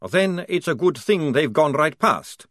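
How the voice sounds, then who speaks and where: A man voicing a nervous male vampire soldier who craves coffee, speaking in a complaining, drawn-out way. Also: a little high, lively intonation, a bit bright, no echo, studio quality, voice pushed up. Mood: hushed.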